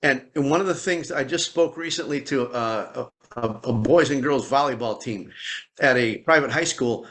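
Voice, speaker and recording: Guy hosting a podcast, bright sharp voice, backs up his guest for listeners. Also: mid-range voice, moderate pace. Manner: affirming, explains to listeners. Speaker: podcast host. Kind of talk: podcast interview.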